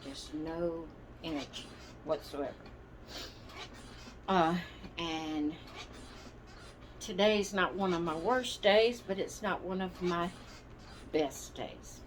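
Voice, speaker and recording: Sitting in a rocking chair at home, a woman with a fairly low voice hosts her doll channel, talking casually with viewers. She's slow, rambling and hesitant, often apologizing as she hunts for words. A little hiss or hum runs under the recording.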